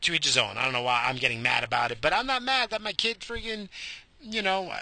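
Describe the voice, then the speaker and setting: A man's voice: fairly high pitch, fast talker, pushed and bright, no room sound. A man in his forties ranting to himself in his car, swearing a lot and rambling from one gripe to the next. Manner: profane, rambling, talks to himself. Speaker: vlogger. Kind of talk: profane rant while driving. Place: inside a car.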